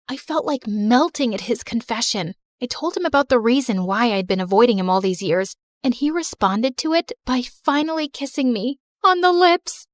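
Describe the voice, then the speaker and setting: Wistful woman storyteller, lively pitch, dry close mic. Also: moderate pace, hardly any pauses, no echo. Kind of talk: first-person scripted story narration.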